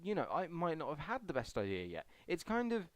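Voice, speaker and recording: A man's voice: on the high side, huge pitch swings, brisk, no room sound. A young man vlogging casually as he answers a survey, chatty and rambling with self-deprecating asides. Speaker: YouTuber.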